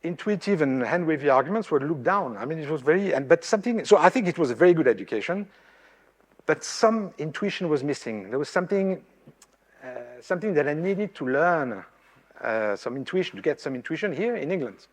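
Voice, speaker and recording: A man from France giving a public lecture as a professor, halting with many fillers and restarts, with dry self-deprecating humour. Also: a little high, lively intonation. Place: lecture hall. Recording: long hall reverb.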